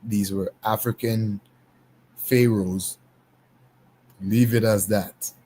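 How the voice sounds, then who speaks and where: A man hosting a casual panel discussion, talking in an unhurried, emphatic way with frequent restarts. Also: fairly low pitch, steady tone, dark tone, a little hiss or hum. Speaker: panel host.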